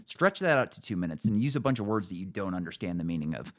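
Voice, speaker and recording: A man's voice: deep voice, expressive, fast, hardly any pauses. A middle-aged man hosting a podcast, talking in crude, mocking casual chat. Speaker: podcast host.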